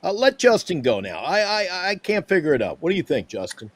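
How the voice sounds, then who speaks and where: A man's voice: sits high, big pitch swings, a little fast. A man hosting a casual sports talk stream, sarcastic and exasperated about his team. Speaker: host.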